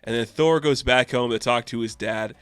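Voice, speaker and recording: A man's voice: medium pitch, normal speed, clean tone, dry recording. A man reviewing a comic book in a casual, sarcastic way, acting out the characters' lines in goofy voices. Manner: animated, sarcastic, acts out quotes in silly voices.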